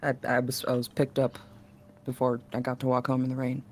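A woman's voice: a bass voice, monotone, fairly quick, a little hiss or hum, voice pushed down. Woman playing a stammering wounded winged sibling. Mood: shaky. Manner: stammering, hushed, breaking into whispers. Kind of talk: voiced roleplay in a game.

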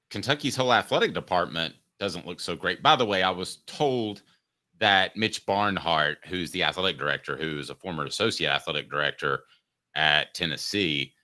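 Animated man hosting sports talk. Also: low-pitched. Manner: animated, does mock impressions. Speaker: sports talk show host.

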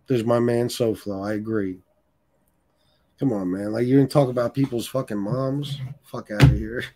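A middle-aged man hosts a casual live stream and reads viewer comments aloud. He rants in a blunt, foul-mouthed way, trading crude insults. His voice sits at an ordinary male pitch. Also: fairly even intonation, normal speed, dark tone. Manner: blunt, crude, heated trash-talk. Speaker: livestream host reading chat.

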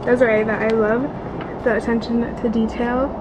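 A young woman with a high voice gushes breathlessly through an unboxing vlog, exclaiming at every new thing she finds. There is a faint hiss of noise behind her. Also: little pitch movement, normal speed. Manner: gushing, effusive, many exclamations. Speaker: beauty vlogger.

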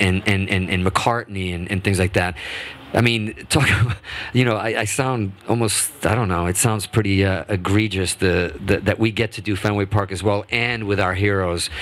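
A man in his fifties, a guest musician telling stories in a casual radio interview, animated and quick to act out quotes, with many restarts. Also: sits low. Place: radio studio.

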